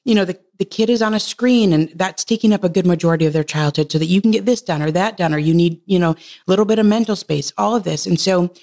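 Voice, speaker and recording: Animated woman telling a heartfelt story. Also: fast. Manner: animated, laughs often, jumps high in pitch when quoting herself; earnest and heartfelt. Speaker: podcast guest. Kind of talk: casual interview storytelling.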